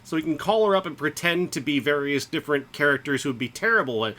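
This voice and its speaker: Co-host, dry and sarcastic plot recapper, bright tone, expressive pitch. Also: quick pace. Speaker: podcast co-host. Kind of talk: casual movie-review chat.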